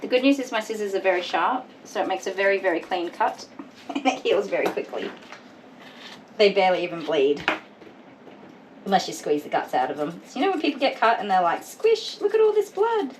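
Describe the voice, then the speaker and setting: Woman groomer, casual chatty talk, laughs a lot, sharp little scolds, loud clipper buzz behind. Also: on the low side, expressive, a little fast, long pauses, noisy background. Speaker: dog groomer. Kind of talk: casual grooming vlog chat. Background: electric clippers buzzing.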